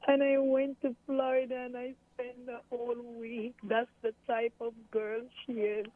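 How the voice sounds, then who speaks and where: In a fairly high, flat voice at a moderate pace, a middle-aged Jamaican woman whose daughter is missing describes past events with her in an interview. She quotes others and occasionally cries. The sound is dry and tinny, resembling a phone call.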